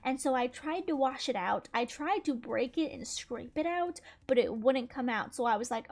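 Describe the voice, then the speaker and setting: A woman's voice: sits high, expressive, moderate pace, few pauses, a little mellow. A young woman with a Southern US accent, chatting casually as a channel host and rambling through a story with lots of "like" fillers. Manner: rambling, heavy use of "like" fillers.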